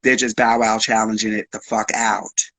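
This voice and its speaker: Husky man telling a candid story. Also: fairly low pitch, flat delivery, normal speed, bright, forceful tone, dry recording, low-quality recording. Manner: frank, emotional, uses slang and swearing. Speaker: guest.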